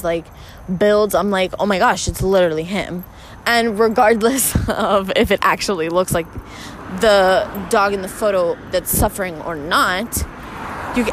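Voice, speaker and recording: A woman's voice: mid-range voice, slight background noise, poor audio. A woman podcast host ranting frankly and with plenty of swearing while out walking her dog, recorded on a phone. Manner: rambling, profane, frank. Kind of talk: casual solo rant. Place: outdoors on a walk with her dog.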